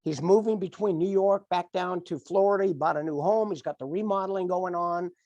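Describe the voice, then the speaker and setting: A man's voice: sits high, brisk, darkish tone, no echo, dull audio. A middle-aged man giving an emphatic, repetitive, fired-up motivational coaching talk to his team on a call. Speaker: team leader.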